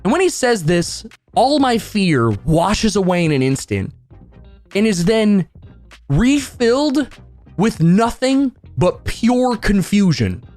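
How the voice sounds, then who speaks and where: Young man, storytime narration, animated, joking, very expressive pitch. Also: takes it slowly, long pauses, soft background music. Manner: animated, joking, laughs through the telling. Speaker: storytime vlogger.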